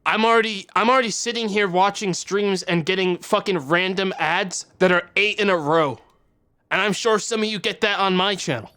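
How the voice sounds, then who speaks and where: Bright-voiced man in a profane streamer rant. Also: sits high, moderate pace, clean tone. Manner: profane, exasperated ranting. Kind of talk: angry live-stream rant.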